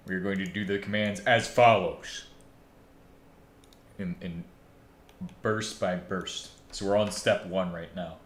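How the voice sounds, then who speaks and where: A man's voice: low voice, steady tone, slow, long pauses. A young man streaming casually, rambling, joking and swearing to himself as he works at a computer. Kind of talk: casual live-stream chatter while working. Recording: echoey room, faint background noise.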